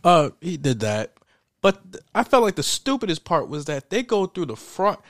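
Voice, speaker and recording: A man in casual chat, telling a movie plot in an animated way, laughing often and swearing freely. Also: fairly high pitch, normal speed, dry recording.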